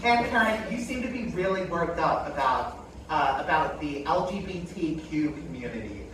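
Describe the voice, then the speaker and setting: A woman's voice: sits low, animated, moderate pace. A woman ventriloquist comedian performing live, playing the patient, mock-earnest straight man to her puppet. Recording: echoey hall from far off with audience noise.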